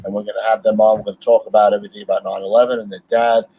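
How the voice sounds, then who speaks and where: A man's voice: fairly low pitch, little pitch movement, very fast, mellow, husky, poor audio. A man, a retired firefighter co-hosting a podcast, telling stories in casual chat and swearing freely.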